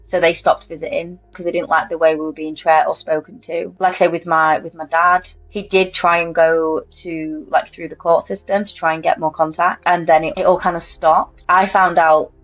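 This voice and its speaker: A woman's voice: lowish voice, little pitch movement, normal speed, hardly any pauses, lo-fi sound, soft background music. A woman, candidly recounting her own story in an interview, in a chatty way with many fillers.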